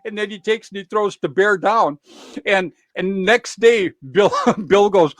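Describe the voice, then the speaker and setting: Male host, rambling and laughing, a bit high, close and dry. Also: unhurried, a bit bright, no room sound. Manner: rambling, laughing, swears freely. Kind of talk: casual chat.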